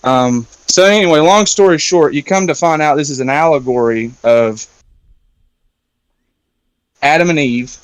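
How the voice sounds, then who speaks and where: A man relaxed in conversation, retelling a film scene by scene with plenty of fillers and casual swearing. His voice sits on the high side, and the recording is dry and close. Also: measured pace, long pauses, clear, resonant tone, no room sound. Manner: loose and chatty, with frequent fillers and swearing. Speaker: round-table discussion guest.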